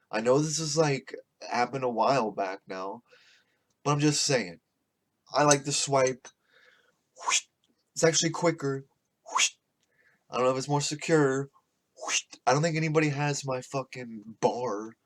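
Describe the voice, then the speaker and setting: A man in the middle of a loose podcast rant, swearing constantly and drifting from point to point. His tone is sarcastic and offhand, with an ordinary mid-pitched voice. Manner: profane, rambling, sarcastic. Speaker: podcast host. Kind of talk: casual rant.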